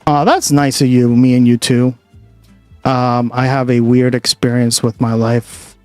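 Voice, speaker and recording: A man's voice: mid-range voice, flat delivery, unhurried, darkish tone, smooth, no room sound, faint music behind. A man hosting a livestream, chatting casually and profanely with his viewers. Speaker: livestream host. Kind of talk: casual stream chat.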